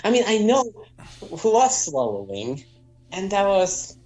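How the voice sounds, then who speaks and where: A man's voice: sits high, wildly swooping pitch, measured pace, a little mellow, dull audio, soft background music. A Polish-speaking man chatting casually in English in a group voice chat, rambling with lots of "like" fillers. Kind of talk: casual banter.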